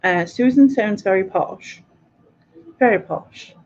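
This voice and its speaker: A woman's voice: mid-range voice, slow pace, darkish tone, highs cut off. A woman with a Mackem North East English accent, hosting a live quiz stream and chatting casually as she reads out viewer comments, laughing often. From North East England. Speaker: livestream quiz host.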